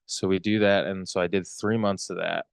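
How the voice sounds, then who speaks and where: A young adult man co-hosting a podcast, chatting casually in a halting, rambling way. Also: deep voice, fairly even intonation, gravelly, smooth, dry recording. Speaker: podcast co-host. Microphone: close podcast mic.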